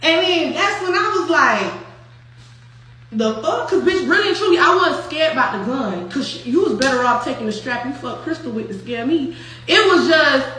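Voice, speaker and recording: Animated young woman telling a story. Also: high-pitched, fairly quick. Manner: animated, profane, laughs often. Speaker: host. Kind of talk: casual storytelling. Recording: very echoey room with faint noise.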